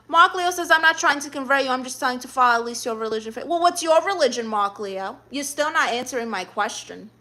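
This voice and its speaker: A woman with a slightly high, bright, forceful voice hosts a casual livestream. She reads viewer comments aloud and answers them sassily, calling people honey over and over.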